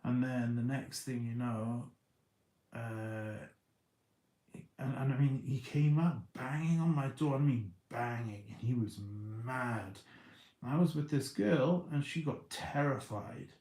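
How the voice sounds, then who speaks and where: A man's voice: medium pitch, slow, mellow, roomy sound, poor audio. A man telling a long story on a casual livestream, stumbling over restarts and repeating words as he goes.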